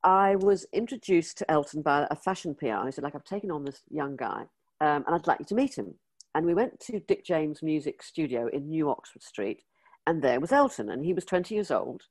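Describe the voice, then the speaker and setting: Low-voiced older woman telling lively anecdotes. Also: fairly quick. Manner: lively anecdotal storyteller, acts out quoted dialogue. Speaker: former magazine editor, interview guest. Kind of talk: storytelling interview.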